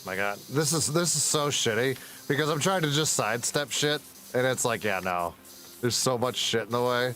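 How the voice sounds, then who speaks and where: A man's voice: medium pitch, lively intonation, moderate pace, sharp tone, slight background noise. A man chatting casually while playing a game, rambling and swearing freely. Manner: rambling, profane, laughs at his own stories. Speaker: gaming streamer. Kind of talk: casual gameplay commentary.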